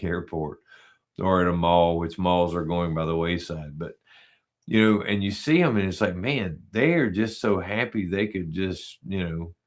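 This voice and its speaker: A man with a low, steady voice hosts a casual podcast conversation. He tells stories as jokes and keeps a relaxed, humorous tone. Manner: joking storyteller, laughs at his own stories. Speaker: podcast host.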